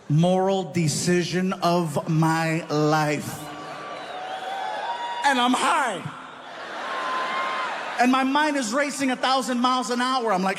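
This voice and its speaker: A man doing live stand-up storytelling, animated, often shouting and laughing at his own lines. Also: sits high. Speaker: stand-up comedian. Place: comedy stage before an audience. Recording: live show with audience noise.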